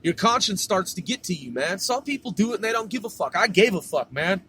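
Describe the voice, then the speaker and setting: A man's voice: sits high, animated, brisk, bright, forceful tone, slight background noise. A man telling a story casually, swearing and saying "man" at the end of his sentences. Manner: profane, drawling, says "man" constantly.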